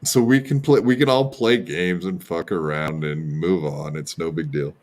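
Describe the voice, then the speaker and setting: A man's voice: sits low, moderate pace, darkish tone. A man hosting a podcast in easygoing, rambling casual chat. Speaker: podcast host.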